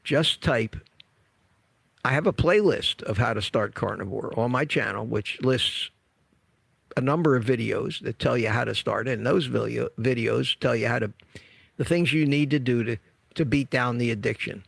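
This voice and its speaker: A man's voice: medium pitch, moderate pace, vocal fry, a bit bright, husky, no room sound. A man in his seventies who hosts a health channel, giving direct, emphatic, somewhat repetitive advice in casual livestream talk. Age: 70s.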